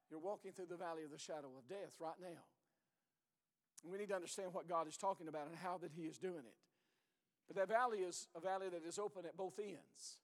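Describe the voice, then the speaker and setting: A middle-aged pastor preaches fast, earnest and hoarse, often dropping into a low, intense voice and repeating his words. The sound is that of a big room.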